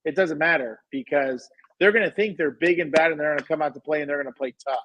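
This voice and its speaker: A man with a fairly high voice, talking in a dry, close-miked way. He co-hosts a casual sports podcast and argues his points with emphasis, circling back and repeating phrases. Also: fast talker, no echo, muffled recording. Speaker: podcast co-host.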